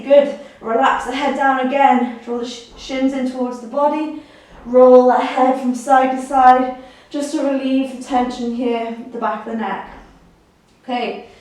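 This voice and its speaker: Woman personal trainer, fairly high voice, counts reps, encouraging; echoey room, mic some way off. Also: a little mellow, recorded from a distance. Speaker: fitness instructor. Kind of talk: guided workout instruction.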